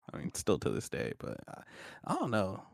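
A man's voice: fairly low pitch, huge pitch swings, normal speed, creaky, no room sound, studio quality. A young man in casual podcast chat, rambling with many fillers and laughing often. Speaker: podcast co-host.

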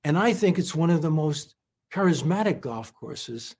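A man from California, a guest in an interview, giving heartfelt praise in halting speech full of repeated words and fillers. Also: on the high side, lively intonation, a little mellow, slight background noise.

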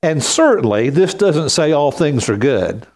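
A man preaching a sermon as pastor, slow and emphatic, with wide swings in pitch. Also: very animated, a little mellow.

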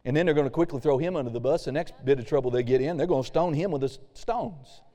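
A man's voice: on the high side, fast, mellow, long reverb tail. A male pastor preaching a casual sermon, reading scripture aloud and acting out the quoted complaints.

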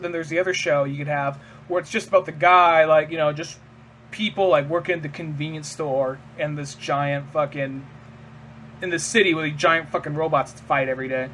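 A man's voice: on the high side, normal speed, fairly bright tone, a little hiss or hum. A man co-hosting a podcast, rambling in casual chat, laughing and swearing and acting out quotes. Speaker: podcast co-host.

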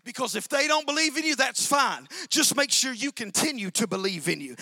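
A male preacher with a very high, bright, forceful voice, recorded dry and close. He preaches in a sing-song cadence that swells into shouting and drops to near-whispered asides. He keeps putting questions straight to the congregation. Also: very animated, brisk, hardly any pauses, no echo. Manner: swings between loud, sing-song shouting and low, quiet asides; addresses the congregation directly with call-and-response questions. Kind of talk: sermon.

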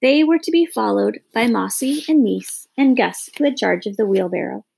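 A woman reading a children's storybook aloud in a gentle, unhurried narrating voice. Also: medium pitch, creaky, husky.

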